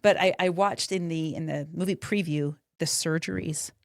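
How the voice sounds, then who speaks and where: A woman's voice: low voice, steady tone, normal speed, creaky, no room sound, studio quality. A woman hosting an interview podcast, speaking effusively and emotionally, often restarting her sentences. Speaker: podcast host. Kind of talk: casual interview chat.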